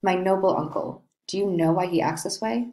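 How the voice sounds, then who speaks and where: A woman's voice: lowish voice, normal speed, darkish tone, lightly acted. A woman reading the part of an earnest young man who coaxes and questions his cousin. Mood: concerned. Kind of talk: reading a play aloud.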